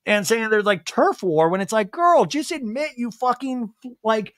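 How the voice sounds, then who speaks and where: A lively, gossipy man talks through a reality TV recap as a podcast host, with his voice sitting a little high and swinging all over. He acts out the people he quotes and swears freely. The sound is close and dry. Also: a little slow, no echo. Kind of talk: casual reality-TV recap commentary.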